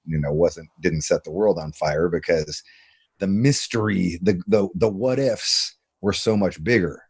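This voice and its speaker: A middle-aged man with a somewhat low voice hosts a podcast conversation. He tells his stories casually and profanely, and he animates them by slipping into the voices of the people he quotes. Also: darkish tone. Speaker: podcast host.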